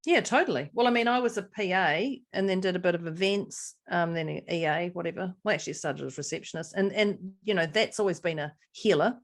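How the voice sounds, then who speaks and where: A middle-aged woman, co-hosting a podcast in casual chat, a lively storyteller who laughs often. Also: fairly low pitch, brisk, few pauses. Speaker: podcast co-host.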